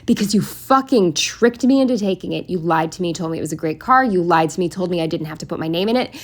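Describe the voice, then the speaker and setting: A woman's voice: on the low side, expressive, fast. Exasperated young woman, swearing rant. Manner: exasperated, swears a lot, rambling venting. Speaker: planner vlogger. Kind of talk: casual storytime rant.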